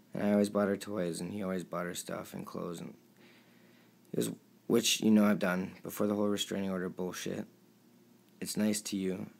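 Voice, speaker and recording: A young man with a very deep voice and a gravelly rasp reads his text messages aloud. He sounds emotional and pleading, and his voice drops low and quiet at times. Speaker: vlogger. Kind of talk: reading out text messages to camera.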